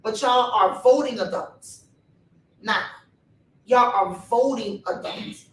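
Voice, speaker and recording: A woman's voice: fairly high pitch, slow. A woman speaking on a panel with fire and a preacher-like cadence, talking straight to her audience. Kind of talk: impassioned panel talk. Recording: echoey room from a distance.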